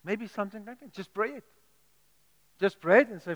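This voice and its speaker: A man's voice: high-pitched, a little fast. A man preaching a sermon, earnest and pleading, often repeating and restarting his words. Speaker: pastor. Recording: echoey hall with long reverb.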